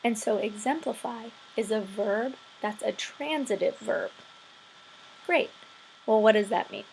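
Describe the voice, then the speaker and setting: A woman's voice: a little high, unhurried, vocal fry, darkish tone, slight background noise. A woman teaching English vocabulary and grammar in a screen-recorded tutorial, explaining patiently step by step.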